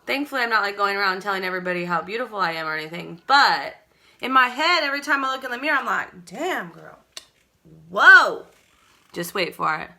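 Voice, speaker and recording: A talkative woman runs a live makeup tutorial from home. Her voice is strikingly bright and ringing. She rambles as she works and chats with viewers by name. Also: mid-range voice, animated, rapid-fire. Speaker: makeup seller demonstrating products.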